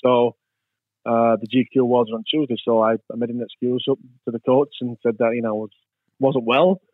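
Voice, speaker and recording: A man's voice: mid-range voice, flat delivery, fairly quick, no room sound. Man on a tinny line. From England. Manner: rambling anecdotes, acts out quoted voices. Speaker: interview guest. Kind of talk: storytelling in a casual interview. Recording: dry, tinny phone-like sound.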